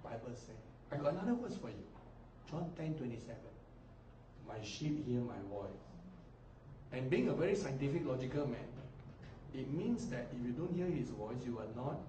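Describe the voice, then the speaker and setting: Animated pastor preaching in echoey hall. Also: male voice, mid-range voice, moderate pace, long pauses, noisy background. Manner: animated preaching, mimics people, swings loud and soft. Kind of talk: sermon. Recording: echoey hall, distant mic.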